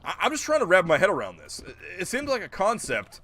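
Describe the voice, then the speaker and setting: Male streamer, high voice, very animated pitch, joking, incredulous rants, casual. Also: fast, no echo. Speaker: gaming streamer. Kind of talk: casual live-stream chat.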